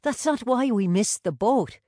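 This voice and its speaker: A woman's voice: fairly high pitch, animated, measured pace, warm tone, no room sound, studio quality, voice pushed up. A woman reading an audiobook and voicing a prickly young male dancer with a curt, defensive manner.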